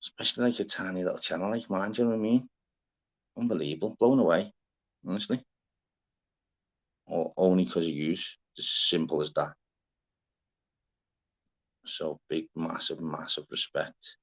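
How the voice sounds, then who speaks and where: Chatty streamer, low voice. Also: male voice, moderate pace, pauses often. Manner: chatty, shouts out viewers, swears freely. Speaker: livestream host. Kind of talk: casual live-stream chat. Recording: dull lo-fi stream audio.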